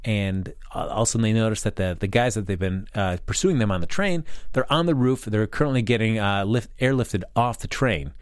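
Man, lowish voice, dry close sound, casual rambling episode recap. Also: a little fast, few pauses, clear, resonant tone, dry recording. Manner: rambling, many fillers and restarts.

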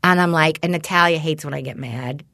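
A woman's voice: low-pitched, fairly quick, vocal fry, bright, forceful tone, no echo. A middle-aged woman hosting a podcast, telling a story in casual chat with exasperated, profane animation. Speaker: podcast host.

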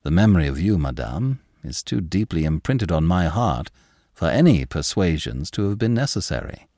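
A man doing a proud, impassioned young gentleman. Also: low voice, sing-song, normal speed, no room sound, studio quality, voice pushed down, exaggerated voice. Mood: formal. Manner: formal gallantry turning heated and indignant.

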